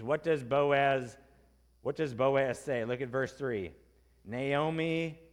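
Male preacher, casual teaching sermon, mid-pitched voice, long hall reverb. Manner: conversational, asks the congregation questions, acts out quotes in casual voices. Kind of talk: expository sermon.

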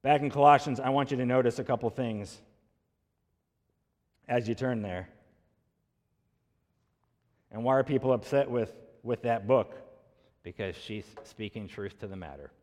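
A man's voice: mid-range voice, measured pace, pauses often, a little mellow. A man preaching a sermon as pastor, emphatic and pressing hard on key words. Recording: long hall reverb.

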